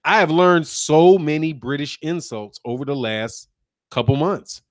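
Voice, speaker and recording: A fairly high-pitched, expressive American man speaks a little slowly as he hosts his channel, reading viewers' comments aloud with frequent laughter and jokes. The recording is dry and clean, with studio sound.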